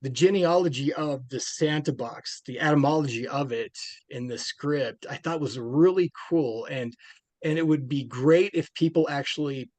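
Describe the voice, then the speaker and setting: A man's voice: on the high side, moderate pace, a little mellow, no echo. Chatty man with many restarts. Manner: rambling, with many restarts and fillers. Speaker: film director guest. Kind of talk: casual interview talk.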